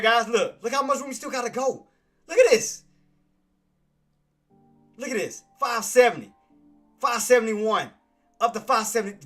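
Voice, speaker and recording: A man's voice: high voice, a bit bright. A man hosting a live trading stream, talking straight to his chat, repeating himself and swearing freely. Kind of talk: live market commentary.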